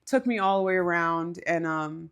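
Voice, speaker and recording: A woman's voice: lowish voice, normal speed, fairly bright tone, clear, resonant tone. A woman co-hosting a podcast, telling a story in a candid, casual way, swearing and laughing as she goes. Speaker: podcast co-host.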